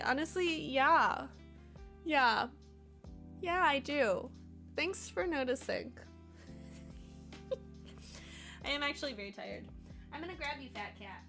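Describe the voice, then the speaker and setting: A woman's voice: high voice, a little slow, pauses often, music in the background. A woman streaming her coding work, chatting casually, reading chat aloud and talking to her cats. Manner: animated, bursts of excitement.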